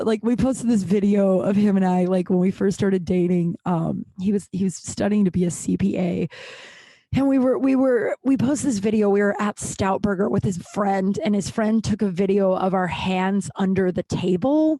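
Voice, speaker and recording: Young woman chatting on her own podcast, rambly and candid, lots of likes and laughs, mid pitch, dead dry mic. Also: dark tone, no echo. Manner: rambling, candid storytelling with frequent laughs and fillers. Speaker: podcast host. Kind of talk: casual solo podcast chat.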